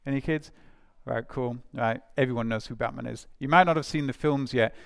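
A man's voice: medium pitch, fairly quick, vocal fry, fairly bright tone, clean tone. A man preaching a conversational sermon to a church congregation, telling a story with many fillers and restarts, and speaking to the children. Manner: informal storytelling, addresses children.

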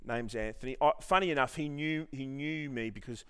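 A man's voice: mid-range voice, a little fast, a bit bright, clear, resonant tone. A man preaching a sermon, telling a story with many restarts and then leading the congregation in earnest prayer. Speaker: pastor.

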